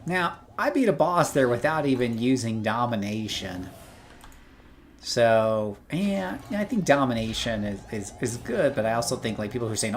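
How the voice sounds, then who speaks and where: A man talks through his gameplay in a relaxed, chatty way, tossing out wry asides as things happen on screen. He speaks into a headset, with a faint background hiss. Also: medium pitch, moderate pace. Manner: chatty, wry, exclaiming at the game. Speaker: gaming streamer. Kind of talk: casual gameplay commentary. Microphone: headset earpiece.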